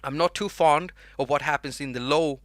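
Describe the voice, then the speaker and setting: A man's voice: a little high, moderate pace, fairly bright tone, no echo. A young Swedish man with a Swedish accent, hosting an unscripted livestream and talking loosely with restarts while reading chat. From Sweden. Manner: rambling, restarts words, reads chat names aloud. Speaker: livestream host and music producer.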